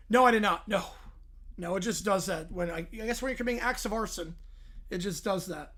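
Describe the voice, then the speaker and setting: Man, livestream host, casual chat, amused, muttered asides, low-key. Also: fairly quick, a bit bright.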